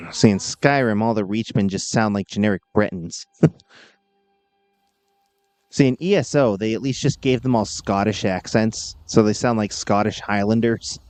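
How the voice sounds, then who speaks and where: A man's voice: fairly low pitch, unhurried, no echo, faint music behind. A man giving casual, jokey commentary while playing a video game. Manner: jokey, animated. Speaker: gameplay host.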